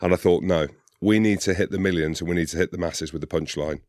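A man's voice: low-pitched, fairly even intonation, quick pace, darkish tone, dry recording, clean studio sound. A man hosting a podcast, introducing his guest and talking in a friendly, informal way. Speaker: podcast host. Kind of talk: casual interview talk.

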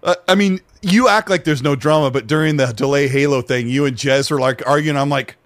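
A man's voice: on the high side, brisk, no echo. A man hosting a casual gaming podcast, joking around and slipping into mock voices of other people. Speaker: podcast host.

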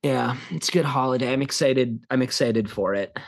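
A man's voice: medium pitch, moderate pace, vocal fry. A young man from the United States co-hosting a film podcast, chatting casually and rambling with many restarts. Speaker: podcast co-host.

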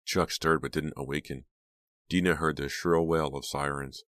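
A man reading an audiobook aloud in a steady, measured way. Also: rumbling low, no room sound, clean studio sound. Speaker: audiobook narrator. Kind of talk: scripted audiobook narration.

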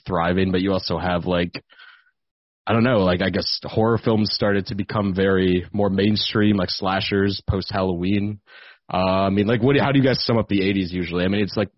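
A man's voice: low voice, no echo, dull audio. A man hosting a podcast in a loose, chatty way, swearing freely. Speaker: podcast host. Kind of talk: casual chat.

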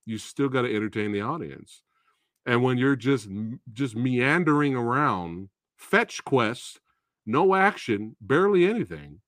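A man's voice: medium pitch, no room sound, clean studio sound. A man hosting a live movie Q&A, ranting casually with frequent swearing and laughter. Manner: animated, profane, laughs often, restarts.

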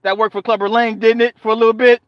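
A man's voice: very high voice, flat delivery, fast, dry recording. A man casually chatting on his live stream, joking and swearing, laughing often and answering the chat by repeating points for emphasis. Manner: profane, joking banter with frequent laughter; talks back to chat, repeats phrases for emphasis. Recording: dull lo-fi dry sound.

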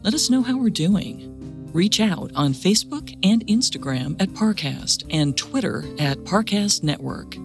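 A woman co-hosting a podcast, narrating a scripted story calmly and clearly. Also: medium pitch, a little slow, faint music behind. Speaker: podcast co-host.

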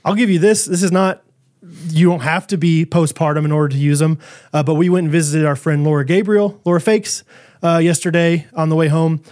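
A man's voice: a little high, steady tone, brisk, darkish tone. A man co-hosting a podcast, chatting casually with enthusiasm and teasing his co-host. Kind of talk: casual chat.

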